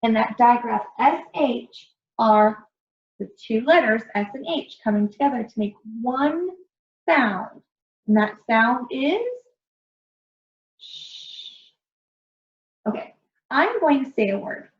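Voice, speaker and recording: A woman as a patient phonics teacher, slightly high voice, roomy and dull-sounding recording. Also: lively intonation. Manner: slow, patient, encouraging, stretches out sounds. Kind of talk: early reading lesson for young children.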